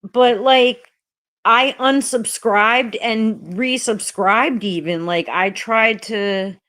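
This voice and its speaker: A woman's voice: a little high, slow, fairly bright tone, no room sound. A woman hosting a casual livestream, chatting bluntly and profanely with her viewers. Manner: blunt and profane, talking straight to the chat. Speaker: livestream host.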